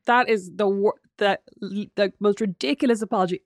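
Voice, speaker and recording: A woman with an Irish accent co-hosting a podcast, bantering in a wry, quick casual chat. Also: medium pitch, lively intonation, no room sound, clean studio sound. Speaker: podcast co-host.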